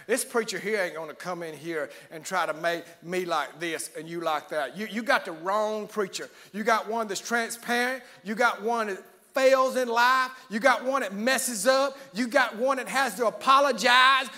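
Evangelist guy, shouting then going quiet, real bright cutting voice. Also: very high voice. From East Central Alabama. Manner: fiery preaching that swings from shouting to hushed near-whispers. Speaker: evangelist preacher. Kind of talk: revival sermon. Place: church service.

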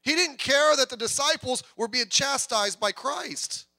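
A man's voice: very high-pitched, a little slow, bright, forceful tone, no echo. A middle-aged man preaching a sermon in a conversational, joking way that swells into bursts of intensity. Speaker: pastor.

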